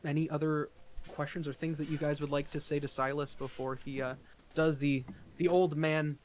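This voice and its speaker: A man's voice: fairly high pitch, level tone, moderate pace. A man running a tabletop game as game master, narrating casually with frequent hesitations.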